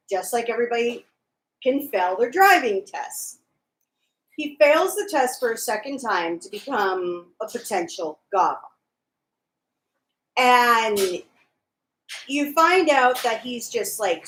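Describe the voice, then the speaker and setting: A woman with a fairly high voice co-hosts a podcast, casually chatting about a TV show while teasing and arguing her point. The room sounds echoey and the audio is poor.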